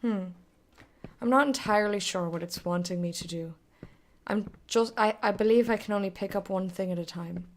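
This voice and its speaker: A woman's voice: medium pitch, normal speed. A woman casually commenting on a game as she plays, in a playful, sweary way. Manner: playful, sweary, laughs often. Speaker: gameplay streamer. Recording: voice over game music.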